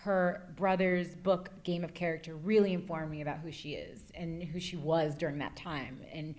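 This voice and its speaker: An actress answering interview questions in a chatty, rambling way with many fillers. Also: female voice, low voice, fairly even intonation, moderate pace, darkish tone.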